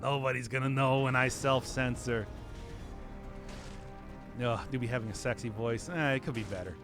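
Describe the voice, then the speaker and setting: With music underneath, a man with a steady, mid-range voice gives easygoing gameplay commentary at a moderate pace. The streamer meanders, laughs frequently, mocks himself, and sounds groggy after not talking all day.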